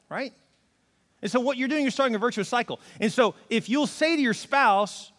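Male pastor, high voice, chatty animated sermon, long hall reverb. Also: fast. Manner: conversational, animated preaching with repeated "right?" and acted-out quotes.

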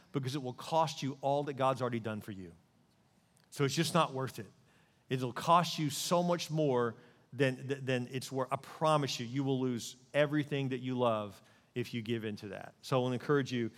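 A male pastor preaching a sermon, telling the story in an animated, joking way. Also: on the high side, in a large hall.

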